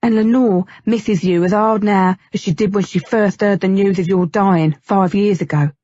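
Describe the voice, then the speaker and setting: Woman narrator doing a sharp-tongued motherly lady, teasing and blunt, husky, muffled audio. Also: mid-range voice, steady tone, normal speed, no room sound, close to an everyday voice. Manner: tart, mocking, calls him lad. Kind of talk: audiobook character reading.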